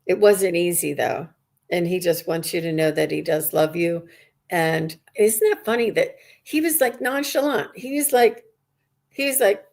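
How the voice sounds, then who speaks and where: A woman's voice: a little high, moderate pace, vocal fry. A woman working as a psychic medium, giving a live reading to viewers in an earnest, rambling way with many restarts.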